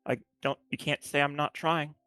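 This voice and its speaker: A man's voice: fairly high pitch, flat delivery, moderate pace, bright, forceful tone, smooth, no room sound, soft background music. A man voicing a hesitant, polite fox-spirit adventurer who stumbles and repeats his words.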